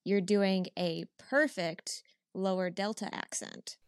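A woman's voice: medium pitch, steady tone, slow, dry recording, clean studio sound. Bubbly woman cracking puns in a chat. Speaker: co-host. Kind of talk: casual chat.

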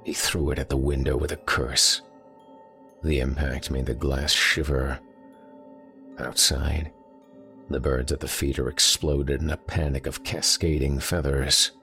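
A man narrating a horror story in a steady, measured reading. His voice is extremely low and unhurried, with a gravelly texture. Soft music stays in the background. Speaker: audiobook narrator.

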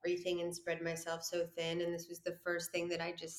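A woman's voice: lowish voice, completely flat delivery, fast talker, reverberant. A woman guest, a business owner, speaking candidly and earnestly in a casual interview. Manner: candid and earnest, many fillers.

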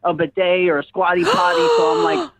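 High-voiced man rambling through a story. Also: wildly swooping pitch, a little fast, fairly bright tone, slight background noise. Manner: rambling, laughs often. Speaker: guest. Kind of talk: casual comedic chat. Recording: dull lo-fi sound.

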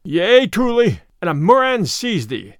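A big, indignant outlaw roars and grumbles in a lively, climbing pitch, voiced by a man reading a storybook. He is blustering and sore about his loss, and the sound is dry and close. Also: normal speed, dry recording. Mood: grumbling. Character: burly beaten male outlaw, roaring and sulky.

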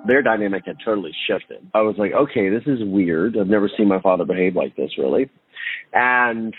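A man's voice: on the low side, animated, slightly rough, no room sound. Man telling his story over a tinny line. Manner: candid, halting, with nervous laughs. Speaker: interviewee recounting his childhood. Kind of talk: personal testimony. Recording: tinny phone-like line with faint music.

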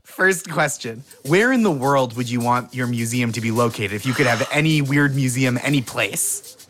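A man hosting a comedy podcast, playful and quick with jokes, leading a game segment. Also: mid-range voice, a bit bright, soft background music. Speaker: podcast host. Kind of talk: casual comedic chat, game host.

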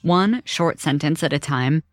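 A woman reporter narrating a documentary story in a measured, wry storytelling voice. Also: low voice, dry recording, soft background music.

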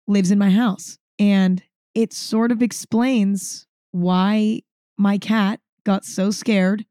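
Speaking at medium pitch, a woman hosts a podcast in a dry, studio-quality recording. Her storytelling is casual, chatty and animated, with frequent use of "like."

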